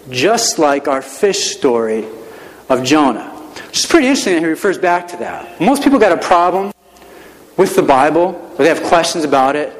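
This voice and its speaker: A male pastor preaching a sermon in a relaxed, conversational way, with many rhetorical questions. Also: fairly high pitch, a little fast, long reverb tail, poor audio.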